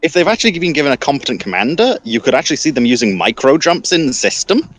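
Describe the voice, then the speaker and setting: A man on a casual panel chat, animated and eager to jump in with his own points. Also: mid-range voice, quick pace. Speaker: panel guest.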